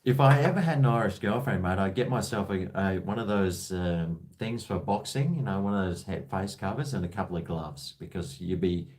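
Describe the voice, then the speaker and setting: A man with an Australian accent hosts a loose call-in show, taking calls and rambling. His voice sits a little low, and he talks bluntly with a lot of swearing. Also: a little fast, hardly any pauses, darkish tone. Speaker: host. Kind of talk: casual call-in chat.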